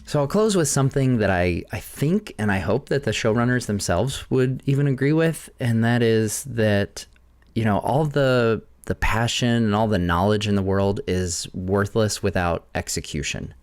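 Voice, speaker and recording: A man giving a measured, reflective commentary in a clip played on a show. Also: lowish voice, expressive, darkish tone, dry recording. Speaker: video commentator.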